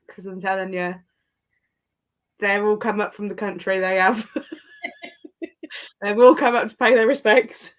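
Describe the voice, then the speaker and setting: A woman's voice: mid-range voice, fairly even intonation. A woman, chatting casually and laughing often. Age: 30s. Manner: giggly, chatty, quick to laugh. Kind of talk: casual chat.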